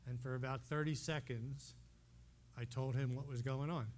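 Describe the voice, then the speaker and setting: A man telling a healing testimony to a congregation in a meeting room, talking straight to his listeners as an animated storyteller. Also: medium pitch, moderate pace. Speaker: speaker sharing a healing testimony. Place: meeting room holding about a hundred people.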